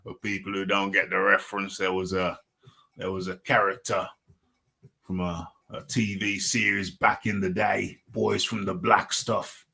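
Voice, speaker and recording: A man's voice: sits low, level tone, a little slow, vocal fry, pushed and bright. A middle-aged man, hosting a casual solo fight recap and rambling, repeating himself and chuckling. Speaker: host of a combat sports radio show.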